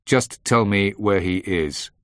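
Firm detective inspector voiced by a man, formal and low, dry booth. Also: slow pace, a bit bright, no room sound. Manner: formal, commanding.

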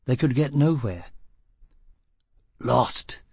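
A man narrating an audiobook in a steady, dramatic storytelling manner. His voice is slightly husky and sits at a middle pitch, recorded close and dry. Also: unhurried, no echo. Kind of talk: scripted narration.

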